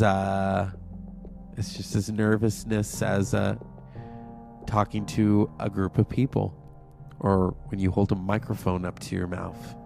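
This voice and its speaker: A man's voice: deep voice, gravelly. A congested man in his forties hosting a solo podcast, chatty and digressive. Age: 40s. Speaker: podcast host. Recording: music playing behind.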